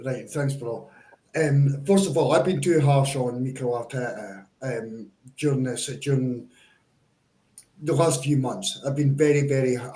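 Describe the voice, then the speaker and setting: A man's voice: medium pitch, a little mellow, roomy sound. A man ranting angrily as a football fan panelist, swearing constantly and sounding exasperated. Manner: furious, heavy swearing, exasperated. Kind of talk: angry football fan rant.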